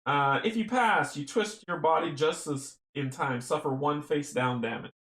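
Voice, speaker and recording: A man's voice: on the high side, moderate pace, fairly bright tone. A man playing a board game solo, reading the game text aloud and chatting to himself with chuckles. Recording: roomy echo.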